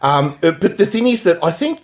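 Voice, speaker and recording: A man's voice: sits high, sing-song, a little fast. A man co-hosting a casual movie podcast, rambling through his points with many fillers and restarts. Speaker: podcast co-host. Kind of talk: casual movie review chat.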